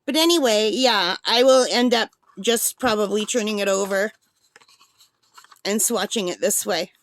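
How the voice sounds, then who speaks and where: A woman's voice: medium pitch, unhurried, no room sound. A woman chatting casually through an art supply unboxing, rambling with fillers while she has the hiccups.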